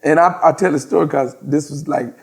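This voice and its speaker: Gravelly man telling stories. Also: on the high side, fairly quick. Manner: animated, profane, laughs through his stories. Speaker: podcast guest, DJ. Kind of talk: casual storytelling in an interview.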